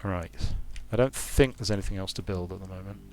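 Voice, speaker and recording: In a low, slightly mellow voice, a British game designer talks a little fast while streaming his strategy game play. His commentary is casual and meandering, like he's thinking aloud, and there's slight background noise.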